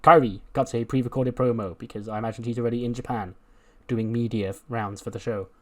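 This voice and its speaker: A man's voice: mid-range voice, steady tone, fast talker, a bit bright. A man giving casual, chatty commentary on a wrestling booking game, laughing at himself and swearing casually. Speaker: YouTuber playing a wrestling booking sim.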